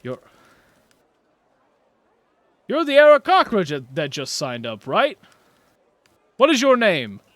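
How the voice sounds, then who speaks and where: A man doing a booming tournament announcer. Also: huge pitch swings, dry recording, exaggerated voice. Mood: curious. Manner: loud, proclamatory, halting with fillers. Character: boisterous male archery tournament announcer.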